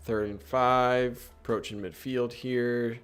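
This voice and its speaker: A young man casually breaking down football film live, reacting with quick exclamations as plays unfold. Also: mid-range voice, flat delivery, a bit bright, clean tone, soft background music. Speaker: podcast co-host.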